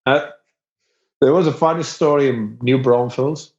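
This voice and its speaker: A man from Spain with a thick Spanish accent, a guest musician telling stories casually, animated and laughing often. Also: medium pitch, a little slow. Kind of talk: casual storytelling. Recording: echoey, dull sound.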